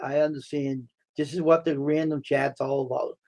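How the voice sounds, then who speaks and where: A man hosting a casual live stream from the United States, answering his chat by name, repeating himself, worked up at times and then calming his viewers down. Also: medium pitch, normal speed, lo-fi sound. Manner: talks back to chat, repeats himself, heated then soothing.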